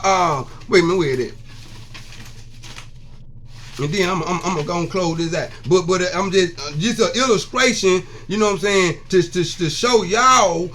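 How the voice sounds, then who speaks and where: Man, high voice, bright tone, preachy testimony, repeats himself. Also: a little hiss or hum. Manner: preachy, repeats "see what I'm saying". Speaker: vlogger. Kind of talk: emotional testimony monologue.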